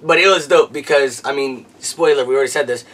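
A man reviewing a movie in casual chat, excitable and gushing, often exclaiming and laughing. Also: mid-range voice, quick pace, distant mic.

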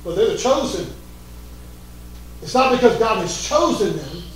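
High-voiced pastor preaching hard, lots of shouting, super echoey church. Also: male voice, big pitch swings, unhurried, a little hiss or hum. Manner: fervent, often shouting. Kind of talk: sermon. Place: church sanctuary. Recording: echoey church hall from a distance.

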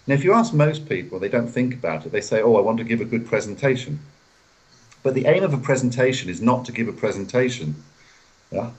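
A man being interviewed as a guest author over a video call, explaining in a measured way and acting out example phrases. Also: medium pitch, poor audio. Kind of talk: interview answers. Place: hotel room.

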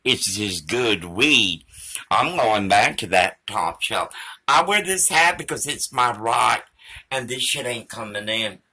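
A man's voice: mid-range voice, expressive, slow, sharp tone, slightly rough. A man vlogging to a phone camera in a rambling, profane monologue that drifts between topics.

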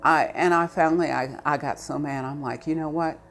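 A middle-aged woman recounting a personal story in an interview, animated and rising to anger as she recalls it. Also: low-pitched, fairly quick, soft background music.

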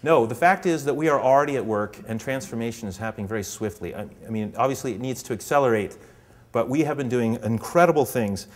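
A man giving a storytelling lecture to an audience, animated and putting on voices for characters. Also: mid-range voice, big-room sound. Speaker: public speaker.

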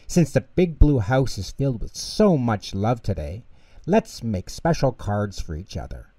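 A man voicing a big kindly male bear in a bedtime storybook, gentle and warm-hearted. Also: mid-range voice, very animated, unhurried, no room sound.

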